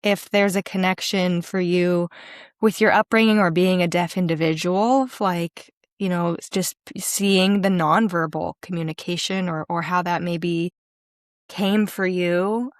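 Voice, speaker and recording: A lively woman co-hosts a podcast, telling stories animatedly and acting out the voices she quotes in casual conversation. Her voice is lowish and a little slow, recorded with clean studio sound and no room ambience.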